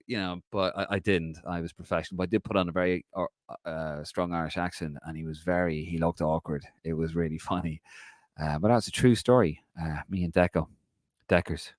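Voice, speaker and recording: A man's voice: sits low, fairly even intonation, a little fast, no echo, studio quality. A man hosting a casual solo live stream who chats in a rambling way and reads out viewer comments. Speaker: podcast host.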